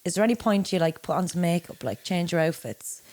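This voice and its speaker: A woman co-hosting a casual podcast. She teases the guest and fires off quick questions. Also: lowish voice, lively intonation, darkish tone. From Ireland. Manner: teasing, with quick questions and quips. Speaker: podcast co-host.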